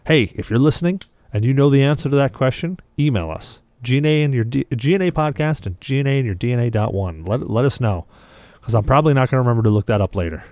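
A man's voice: mid-range voice, expressive, fast, darkish tone, dry recording. A man co-hosting a casual podcast chat, rambling through stories and swearing freely. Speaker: podcast co-host.

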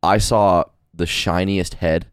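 Tired young guy, really low voice, joking around on a podcast, dry close mic. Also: fairly even intonation, takes it slowly, clean tone, no room sound. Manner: joking, trails off and restarts. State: tired after an all-nighter. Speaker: podcast co-host. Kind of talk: casual chat.

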